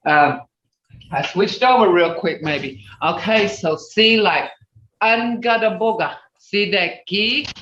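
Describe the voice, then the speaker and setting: A teacher speaks slowly and patiently, walking a class through a lesson step by step over a video call. The voice sits back from the mic in a roomy, echoing space, and the call audio sounds dull and muffled. Small slips get corrected out loud in passing. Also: medium pitch, distant mic. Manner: slow, patient, explaining step by step; self-correcting, with asides. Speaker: language teacher.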